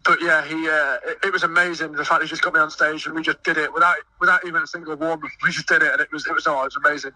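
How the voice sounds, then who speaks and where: A young man who sings in a choir and volunteers at a festival, talking excitedly in a radio interview and often stumbling over his words. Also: on the high side, rapid-fire, few pauses, no room sound, far from the mic, low-quality recording. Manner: eager, stumbling restarts. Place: busy outdoor festival field.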